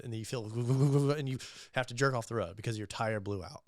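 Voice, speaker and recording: A young man telling animated, profane sales stories as a guest in a casual podcast interview, acting out the people he quotes. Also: mid-range voice, fairly quick, no echo, clean studio sound. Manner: animated, profane storyteller who acts out quoted voices. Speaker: entrepreneur guest.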